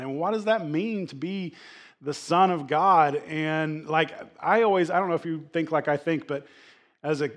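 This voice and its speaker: A middle-aged male pastor preaching in a loose, conversational way. His voice sits a little high for a man. He stumbles and restarts often and leans on small fillers. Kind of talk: casual sermon.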